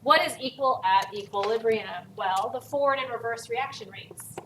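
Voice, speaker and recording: A woman's voice: fairly high pitch, normal speed, fairly bright tone. A woman chemistry teacher giving a recorded lesson, working through a worksheet and stressing key words for emphasis. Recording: echoey room, voice from far off, faint hiss.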